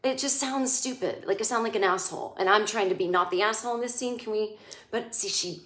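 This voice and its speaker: A woman's voice: fairly high pitch, fast, fairly bright tone. A middle-aged woman giving a comedic recap of a TV episode, sarcastic and ranting, often mocking the characters' lines. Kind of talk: casual comedic monologue. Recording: echoey room.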